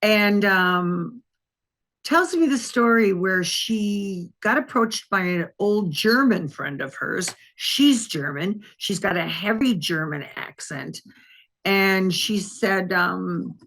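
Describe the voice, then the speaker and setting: Brief: older ex-detective woman from Wisconsin, chatty storyteller, loose and rambling, mid-pitched voice. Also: lively intonation, slow, fairly bright tone. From Wisconsin, USA. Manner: rambling, conversational, frequent restarts and fillers. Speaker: interview guest, former police detective. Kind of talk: anecdotal storytelling in an interview.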